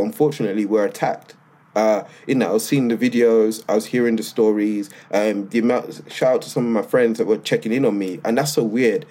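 A man co-hosting a podcast, telling stories in a lively, slangy, casual way. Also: lowish voice. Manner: animated storytelling with slang. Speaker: podcast co-host. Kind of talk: casual chat.

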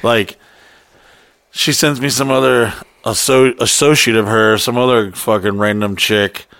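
A young man on a podcast telling a long, profane story in a loose, animated way. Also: lowish voice, a little slow, smooth, no echo. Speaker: podcast co-host. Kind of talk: casual storytelling chat.

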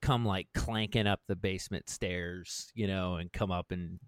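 A man's voice: low-pitched, steady tone, moderate pace, clear, resonant tone, no room sound. Earnest rambling man, dry close mic. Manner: earnest, rambling, gets fired up when reading. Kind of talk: casual chat, reading a personal manifesto aloud.

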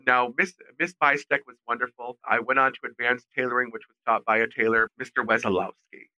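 A middle-aged man, a fashion designer, telling animated stories as a guest in a podcast interview. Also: medium pitch, a little fast, dry recording, lo-fi sound. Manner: animated, expressive storyteller. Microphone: remote call mic.

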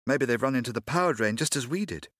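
A man's voice: medium pitch, animated, fast talker, a bit bright, dry recording, clean studio sound, pitched above the performer's own voice. A man voicing an eager young female space explorer in an audiobook. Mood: urgent. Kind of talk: audiobook narration.

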